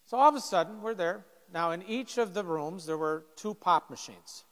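A man's voice: sits high, normal speed, a bit bright, big-room sound. A man in his fifties, a pastor telling a story to teenagers in short, punchy phrases, acting out the people in it. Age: 50s.

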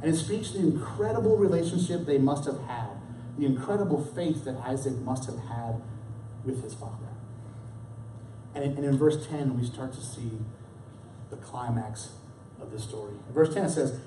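A man's voice: medium pitch, moderate pace, dark tone, a little hiss or hum. A man preaching a sermon in a conversational way, often restarting his words and acting out the lines of the story. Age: young adult or middle-aged. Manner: conversational, with many restarts and dramatic acted quotes. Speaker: pastor. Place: church. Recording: roomy church hall, mic at a distance.

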